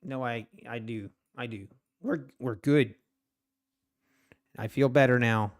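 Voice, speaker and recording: A man streaming his day trading live, talking casually to his chat in an animated, self-mocking way, exclaiming in disbelief. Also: medium pitch, slow.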